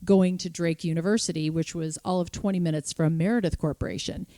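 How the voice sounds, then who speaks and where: A woman in her fifties talks eagerly through her career story, lively and chatty. Her voice sits a little low and sounds mellow and soft-edged, recorded close and dry with no room echo. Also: fairly quick. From Chicago, USA. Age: 50s. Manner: enthusiastic, storytelling, animated asides. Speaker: magazine founder and guest. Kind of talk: conversational interview. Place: conference room.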